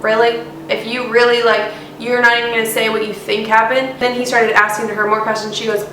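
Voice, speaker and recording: A woman's voice: a little high, flat delivery, a little fast, few pauses, a bit bright. A woman giving blunt, indignant true crime commentary in a vlog, swearing freely. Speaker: YouTuber. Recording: roomy, distant mic, faint hiss.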